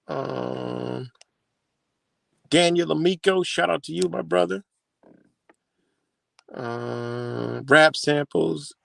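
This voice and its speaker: A man's voice: fairly high pitch, drawn-out words, gravelly, pauses often, a bit bright, dry recording. A man hosting a live stream, talking loosely and profanely in casual, rambling chat. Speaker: livestream host. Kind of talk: casual rambling livestream talk.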